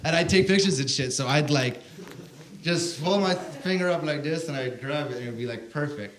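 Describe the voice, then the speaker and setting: A man's voice: on the high side, a little fast, a bit bright. A young man doing stand-up comedy, telling a story in a brash, profane, slangy way and calling people "bro.". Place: comedy stage before a live audience.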